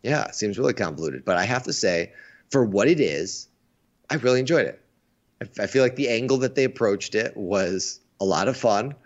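A man's voice: on the low side, lively intonation, normal speed. A man chatting casually on a stream about movies and games, enthusiastic, often restarting his words. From United States. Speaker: stream co-host. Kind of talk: casual chat. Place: Asia. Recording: dull lo-fi sound.

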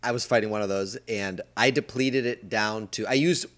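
A man's voice: lowish voice, normal speed, a bit bright. A man hosting a casual podcast, enthusiastic and explaining things step by step. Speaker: podcast host.

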